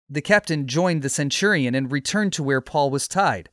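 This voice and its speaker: A man narrating a scripted story in a steady, measured way. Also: a little high, no room sound, clean studio sound.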